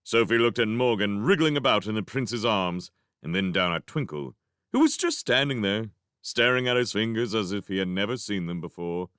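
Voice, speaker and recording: A man reading a novel chapter aloud as a fan reading, narrating in an animated way. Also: fairly low pitch, normal speed, clean tone, dry recording, clean studio sound. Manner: animated, voicing each character. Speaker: reader. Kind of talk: storybook narration.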